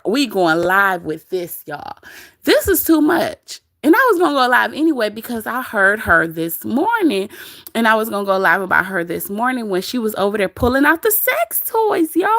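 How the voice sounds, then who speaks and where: Animated woman chatting to her live chat. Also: fairly high pitch, dry recording, clean studio sound. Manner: animated, laughing often, quoting others. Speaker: livestream host. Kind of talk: casual commentary to live chat. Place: bedroom.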